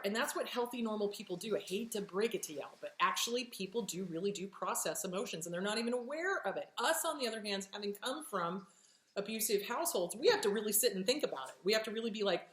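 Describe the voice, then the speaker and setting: A woman's voice: medium pitch, a little fast, roomy sound. A woman hosting a show on relationships, talking plainly and bluntly with swearing, often acting out quoted reactions. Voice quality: animated, acts out voices in quotes. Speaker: host answering relationship questions. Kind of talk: casual talk, emphatic and profane.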